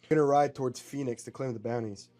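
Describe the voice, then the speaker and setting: A man voicing a gruff older bounty hunter who talks slowly and evenly. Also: mid-range voice, steady tone, dark tone, lightly acted.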